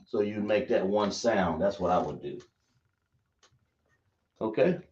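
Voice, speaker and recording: A man teaching a language lesson, speaking slowly and often checking whether his listeners understand. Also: fairly low pitch, a little mellow. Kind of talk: classroom lesson. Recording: echoey room, dull lo-fi sound.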